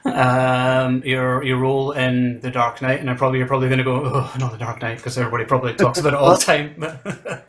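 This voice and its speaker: A man's voice: medium pitch, fairly even intonation, fast, few pauses, a bit bright. Man asking hesitant interview questions. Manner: hesitant, many fillers, laughs easily.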